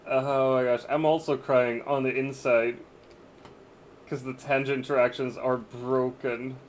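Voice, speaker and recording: Slow-talking, exasperated male game streamer. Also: mid-range voice, little pitch movement, a little hiss or hum. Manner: exasperated, swearing, laughing outbursts. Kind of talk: live gameplay commentary.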